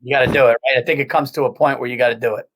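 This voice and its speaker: A man, a guest comedian, telling profane, animated stories in casual podcast chat, full of quick restarts. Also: mid-range voice, rough recording.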